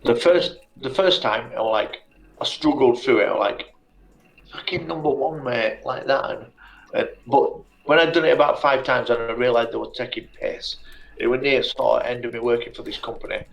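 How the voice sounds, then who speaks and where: A man's voice: mid-range voice, fairly quick, gravelly, highs cut off. A man with a Yorkshire accent chatting on a group call, telling blunt, sweary stories. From Yorkshire, England. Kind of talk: casual chat. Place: home, online group call.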